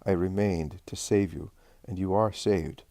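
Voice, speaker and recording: Guy doing a gentle serene teacher, low voice, soft and tender. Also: no room sound. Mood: soothing. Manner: calm, measured, tender. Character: gentle, serene male teacher, calm and loving.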